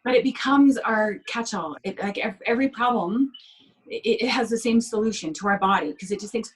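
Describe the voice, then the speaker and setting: A woman coaching on sugar addiction as a guest in an interview, speaking gently and heartfelt, sometimes acting out inner voices. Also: on the high side, brisk, low-quality recording. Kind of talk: interview over video call.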